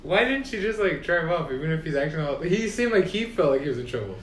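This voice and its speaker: A man's voice: on the high side, big pitch swings, quick pace. A man co-hosting a podcast in casual chat, asking questions and reacting to his friend's story. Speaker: podcast co-host. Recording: roomy echo with faint noise.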